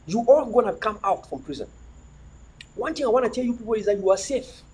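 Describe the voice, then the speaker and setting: A man's voice: sits high, animated, brisk, a little mellow, a little hiss or hum, poor audio. A middle-aged man hosting a livestream, delivering an impassioned, preachy monologue full of repetition and rhetorical questions. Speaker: livestream host.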